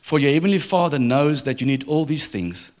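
A man's voice: fairly high pitch, fairly quick. A middle-aged man preaching a sermon in church, telling stories with humor. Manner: storytelling with humor, lively delivery. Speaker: pastor.

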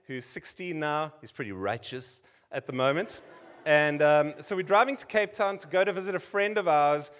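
A man's voice: high-pitched, fairly bright tone. A South African man in his forties preaching a sermon to a congregation, chatty and joking with the room. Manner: conversational, joking asides with the congregation.

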